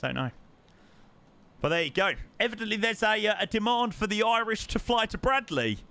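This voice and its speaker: A man's voice: high voice, big pitch swings, normal speed, bright, forceful tone. A young man chatting casually to his live-stream chat while flying a simulator, repeating words for emphasis. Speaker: livestreamer.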